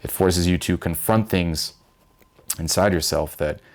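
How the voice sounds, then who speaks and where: A young man giving blunt, profane self-help advice, mimicking panicked voices in a higher pitch. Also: measured pace, darkish tone. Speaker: vlogger giving life advice. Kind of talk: direct-to-camera self-help talk.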